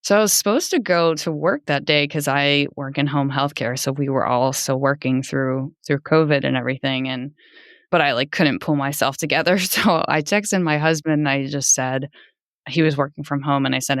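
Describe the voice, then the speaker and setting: A woman in her thirties, a podcast guest, telling a personal story in an animated way, laughing often and jumping high when she quotes people. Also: moderate pace, no echo, clean studio sound.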